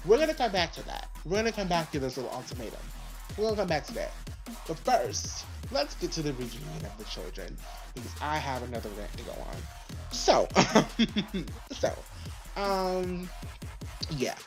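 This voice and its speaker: A woman giving a casual, profane, exasperated review of an animated show, ranting with lots of emphasis. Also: low-pitched, normal speed, over music.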